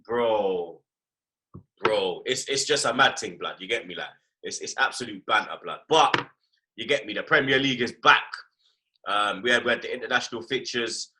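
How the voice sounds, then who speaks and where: Speaking at a normal pace in a lowish voice, this man hosts a laid-back football chat. His talk is animated and packed with slang, and he keeps coming back to tag phrases like "blood" and "you get me."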